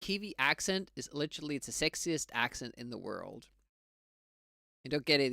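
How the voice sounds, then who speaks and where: Lively game streamer. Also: medium pitch, moderate pace, creaky, dry recording, clean studio sound. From Finland. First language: Finnish. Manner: chatty, laughs often, answers chat while playing. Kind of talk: casual live-stream chat while playing. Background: game music.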